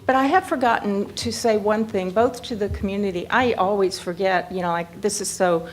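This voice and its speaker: A woman's voice: mid-range voice, moderate pace, few pauses, a little hiss or hum. A woman presenting to a county fiscal court, talking in a chatty, self-interrupting way. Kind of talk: public meeting remarks. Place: county meeting room.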